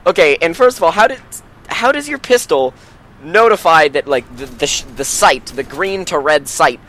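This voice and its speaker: A man's voice: on the high side, fairly bright tone, a little hiss or hum. Dry, sarcastic gamer guy. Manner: dry sarcastic joking, dropping to a mutter. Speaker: co-commentator watching the game. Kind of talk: casual let's play commentary.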